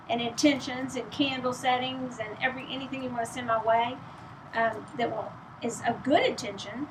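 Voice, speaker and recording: Chatty Texan woman, weak voice pushed loud. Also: sits high, background noise. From East Texas. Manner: speaking loudly to carry, chatty and rambling. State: weak voice from illness, out of breath. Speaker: host. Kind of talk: casual chat to camera.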